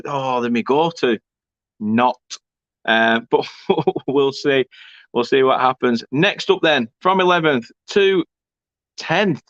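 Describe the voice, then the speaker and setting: A man's voice: mid-range voice, a bit bright, no echo, dull audio. A young man hosting a football fan live stream, reading out comments with banter and swearing. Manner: chatty, banter-filled, swearing, laughing asides. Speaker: fan channel host.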